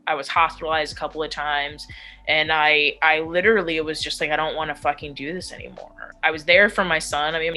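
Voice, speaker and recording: A woman in her thirties telling her own story in an interview, frank and unfiltered, swearing as she goes. Her voice sits low but has a bright, forceful edge. Faint music plays behind her. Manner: blunt and frank, with frequent swearing and fillers. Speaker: interviewee sharing a recovery story. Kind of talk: candid personal storytelling.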